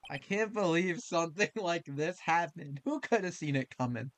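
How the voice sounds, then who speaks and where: A man's voice: on the high side, lively intonation, normal speed, few pauses, slight background noise. A man casually commenting on a game playthrough as a video host, chatty and reacting aloud. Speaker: gaming YouTuber. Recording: game music playing underneath.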